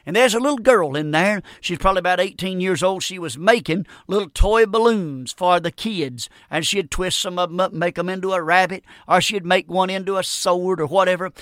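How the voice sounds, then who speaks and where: A man's voice: sits high, fairly bright tone, no room sound, clean studio sound. A middle-aged man, preaching a fervent radio sermon full of repeated phrases and calls of amen.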